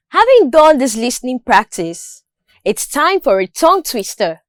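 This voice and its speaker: A woman's voice: high voice, sing-song, unhurried, no room sound. A woman teaching a school lesson, carefully enunciating words for pronunciation drills.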